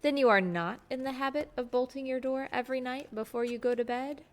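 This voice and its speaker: A woman reading aloud as a composed, guarded middle-aged woman servant, measured and prim. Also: high voice, voice pushed up, natural voice. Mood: cool.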